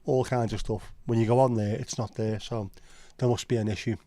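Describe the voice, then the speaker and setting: Mellow-voiced Liverpool man chatting. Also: on the low side, fairly even intonation, fairly quick, no echo. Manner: rambling, sweary, opinionated. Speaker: livestream host. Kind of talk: casual chat.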